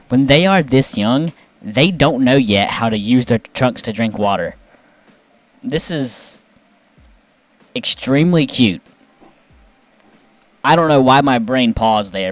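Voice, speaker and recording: Playful man reacting to memes, dry sound. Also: dry recording. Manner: playful, with sudden upward pitch jumps. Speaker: YouTube meme reviewer. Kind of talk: casual meme reaction commentary.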